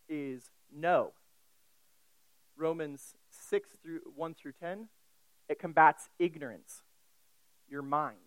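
A man preaching an expository sermon, emphatic and deliberate, with casual asides and quick self-corrections. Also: a little high, fairly bright tone, dry recording, rough recording. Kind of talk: sermon, expository Bible teaching.

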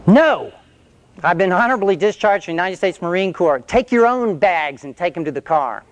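A man voicing a young male marine who snaps back stiff, quick replies. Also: high-pitched, big pitch swings, pitched above the performer's own voice. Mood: firm. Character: young male marine, fearful then defiant.

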